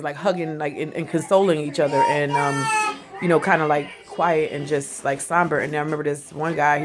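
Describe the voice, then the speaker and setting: Woman, 40s, casual vlogger: lower-pitched, chatty and animated, laughs through her lines. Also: noisy background. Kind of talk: casual commentary vlog.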